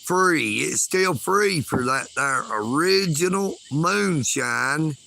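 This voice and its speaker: A man's voice: a little high, expressive, takes it slowly, vocal fry, bright, forceful tone. A man, chatting casually and folksily on a livestream outdoors at night. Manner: folksy, calls himself a hillbilly. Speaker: livestream host.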